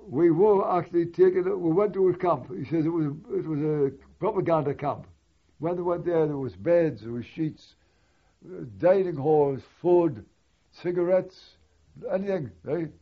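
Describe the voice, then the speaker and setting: An older man, a war veteran, recalling his memories in a rambling, conversational oral-history telling with asides. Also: fairly high pitch. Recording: dull lo-fi recording.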